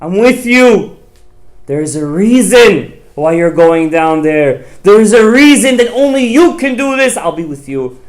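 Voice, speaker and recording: A gentle mother's spirit reassures her frightened son, as a man puts her on. Her voice is raised and earnest, soothing yet strong. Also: high voice, lively intonation, measured pace, voice pushed up. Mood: comforting.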